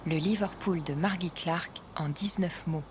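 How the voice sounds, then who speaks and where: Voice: mid-range voice, normal speed. Documentary narrator, noisy track. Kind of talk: scripted narration.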